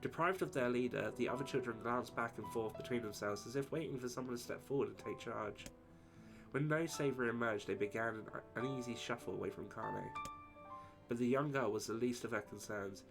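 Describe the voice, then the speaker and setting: A man's voice: medium pitch, a little fast, creaky. Man reading aloud over game music. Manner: steady reading, casual asides to chat. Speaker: streamer. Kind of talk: reading game text aloud on a live stream.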